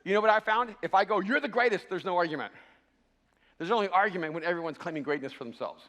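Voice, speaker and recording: High, bright-voiced preacher man. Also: fast talker, long reverb tail. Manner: swings from loud shouting to hushed asides; repeats words when starting sentences. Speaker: pastor. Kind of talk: sermon.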